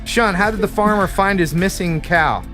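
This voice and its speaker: An American man hosting a live stream, telling puns and reading sponsor plugs in a jokey, animated way. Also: high voice, normal speed, over music. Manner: animated, punning, jokey delivery. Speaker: host. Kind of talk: live stream chat with jokes and sponsor reads.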